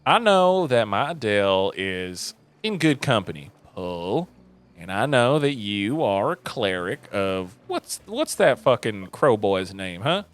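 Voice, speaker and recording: A man voicing a gentle but firm older mother in a tabletop game, speaking softly and tenderly. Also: fairly low pitch, sing-song, takes it slowly.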